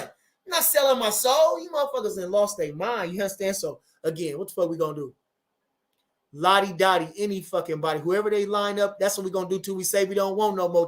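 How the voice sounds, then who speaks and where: Animated high-voiced man in his forties. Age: 40s. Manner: animated, profane, repeats phrases. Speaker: boxing trainer and livestream host. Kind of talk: casual livestream chat reading viewer comments.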